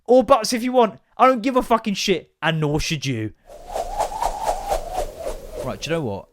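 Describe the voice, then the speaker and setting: Sweary, animated podcast host. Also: male voice, sits high, normal speed, very noisy. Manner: sweary, sarcastic, animated storytelling. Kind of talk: casual solo podcast rant.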